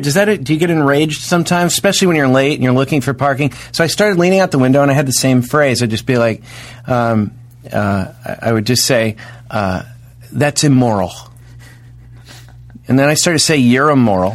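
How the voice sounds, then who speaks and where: A man co-hosting a comedy podcast, telling rambling deadpan stories and acting out the people in them. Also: mid-range voice, brisk. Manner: deadpan rambling storyteller, acts out quotes. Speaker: podcast co-host.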